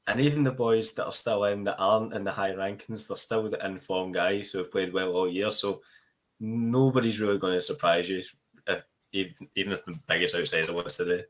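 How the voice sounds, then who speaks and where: Male co-commentator with a lower voice, relaxed and casual, talking to the chat between darts calls. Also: a little fast. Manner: relaxed, talks to the chat room. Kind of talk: casual sports banter.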